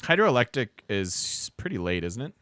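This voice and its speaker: A man's voice: medium pitch, big pitch swings, normal speed, a bit bright, dry recording. A man casually commenting on a strategy game while he plays, laughing often and chatting with his viewers. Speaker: let's play host.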